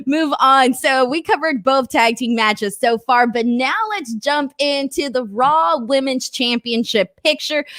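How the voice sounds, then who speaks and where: A young American woman hosting a wrestling predictions livestream, lively and expressive, often breaking into laughter. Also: high voice, no echo, clean studio sound. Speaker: host. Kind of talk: casual livestream chat.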